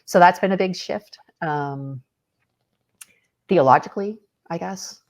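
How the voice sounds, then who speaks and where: Animated lower-voiced woman storyteller. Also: a little slow. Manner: animated storyteller who acts out quotes. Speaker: podcast guest, author and speaker. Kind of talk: casual faith conversation.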